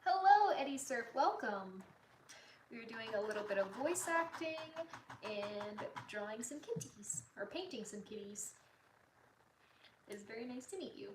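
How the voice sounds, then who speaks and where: A woman's voice: fairly high pitch, animated, unhurried, noisy background. A woman chatting casually with her livestream viewers, reading their comments aloud and apologizing often, recorded from a distant mic in a roomy space. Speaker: artist streamer.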